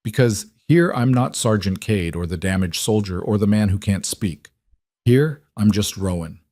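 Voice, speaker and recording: A man reading out the notes of a mute giant ex-soldier cowboy in a low, dry voice. The words land blunt and plain, short sentence after short sentence. It stays close to a storyteller's own tone. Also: expressive, moderate pace, mellow, dry recording. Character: silent stubborn giant ex-soldier cowboy, notes read aloud.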